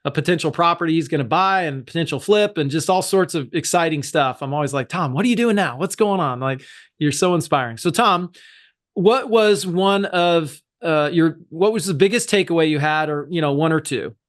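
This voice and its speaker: Enthusiastic high-voiced man hosting. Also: moderate pace. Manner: enthusiastic, encouraging. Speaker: meeting host. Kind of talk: casual chat.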